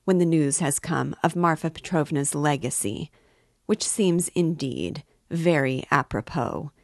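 A woman's voice: low voice, expressive, a little slow, a little mellow, dry recording, clean studio sound. A woman reading the part of a pompous, sarcastic middle-aged male suitor in a lofty tone.

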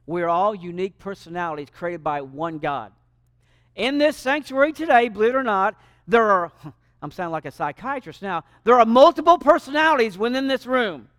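A man preaching a sermon in a church sanctuary, animated and shifting loudness for emphasis. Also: high voice, clear, resonant tone, no echo, clean studio sound. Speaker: pastor.

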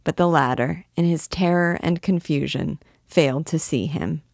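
A woman reading a classic novel aloud, measured and expressive, lifting her voice for quoted shouts. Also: deep voice, creaky, no room sound, studio quality. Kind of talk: read-aloud narration.

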